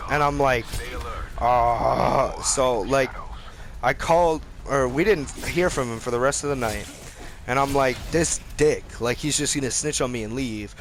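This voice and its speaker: A man's voice: mid-range voice, unhurried, a little hiss or hum. A young man vlogging, telling a rambling, profane story in casual slang.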